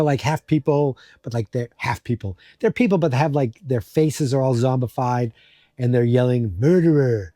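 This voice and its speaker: A man's voice: mid-range voice, mellow, dry recording, clean studio sound. A man hosting a podcast, recapping an episode in a rambling, joking way with many fillers. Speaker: podcast host.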